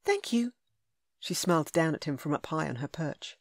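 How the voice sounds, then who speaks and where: A woman narrating a romance audiobook in a smooth, measured, intimate way. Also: low-pitched, fairly even intonation, no room sound, clean studio sound. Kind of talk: scripted narration.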